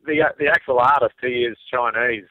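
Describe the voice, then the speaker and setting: A man's voice: mid-range voice, normal speed, no echo. An Australian man calling in to a show, chatting in a laid-back, easygoing way. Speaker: caller. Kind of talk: casual phone chat. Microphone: phone. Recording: phone line.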